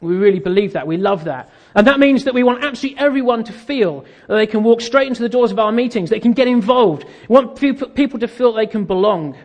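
A man's voice: high voice, animated, fast, hardly any pauses. A man giving a sermon as a pastor, telling a story and acting out the dialogue with self-deprecating humor while an audience laughs.

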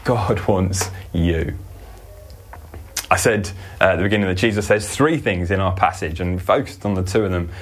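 A male preacher giving a sermon in an earnest manner, slowing down to stress scripture. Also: deep voice, fairly bright tone, a little hiss or hum.

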